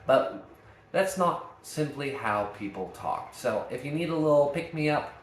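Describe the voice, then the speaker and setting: A man's voice: medium pitch, unhurried. A man giving a casual, emphatic lesson on acting. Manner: emphatic, energetic. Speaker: acting teacher. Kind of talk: casual teaching monologue. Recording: echoey room.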